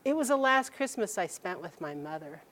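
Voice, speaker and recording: A middle-aged woman telling a personal story to an audience, animated and laughing as she quotes her mother. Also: mid-range voice, normal speed.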